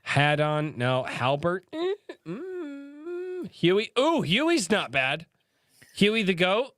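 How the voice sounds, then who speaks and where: A man with a high, bright voice hosts a casual podcast. He teases his guest with crude jokes and laughs easily. His voice sounds close and dry. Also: sing-song, slow, no echo. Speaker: podcast host.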